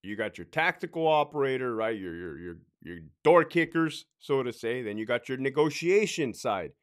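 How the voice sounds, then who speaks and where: A man in his late thirties speaks casually and profanely, in the loose manner of a storytelling vlog. His pitch swings widely, rising and falling as he talks. He rambles and keeps checking in with a "right?". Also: lively intonation, moderate pace. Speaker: prison sergeant and veteran telling his career story.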